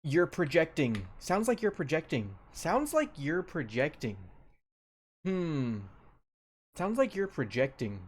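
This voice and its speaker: A man's voice: on the high side, sing-song, slow. A young man giving casual commentary as a streamer ranking a tier list, offhand and loose, often repeating his own phrases.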